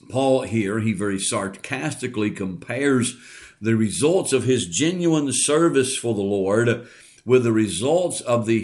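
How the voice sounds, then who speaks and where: Male preacher, mid-range voice, earnest and measured sermon delivery. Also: medium pitch. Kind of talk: sermon with Bible reading.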